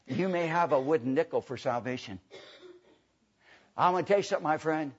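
A man preaching a storytelling sermon in a church, swinging from hushed, low confiding to shouting. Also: quick pace, husky, muffled recording. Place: church building.

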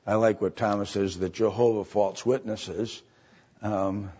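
A man teaching a Bible study lecture, halting with fillers and often checking in with "right?" and "okay?". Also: lowish voice, fairly even intonation, dark tone, breathy edge. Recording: dull lo-fi recording.

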